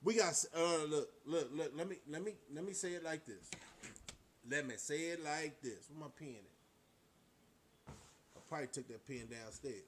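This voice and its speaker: High-pitched preachy male vlogger. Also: normal speed, pauses often, slight background noise. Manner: preachy, rhetorical questions, motivational. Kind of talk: casual monologue to camera.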